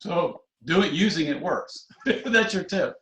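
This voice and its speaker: A man with a fairly high voice facilitates an online meeting, asking questions and encouraging people. His voice rings a little in a roomy space over the video call. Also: animated, a little slow, fairly bright tone, slight background noise.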